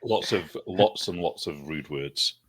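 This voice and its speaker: Deep-voiced chatty British man. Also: measured pace, husky. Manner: chatty, laughs often. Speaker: guest commentator. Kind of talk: casual chat.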